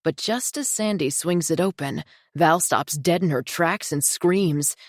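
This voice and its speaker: A woman reading a thriller audiobook in a tense, measured storytelling voice. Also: fairly low pitch, no echo, studio quality. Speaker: audiobook narrator. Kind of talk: scripted thriller narration.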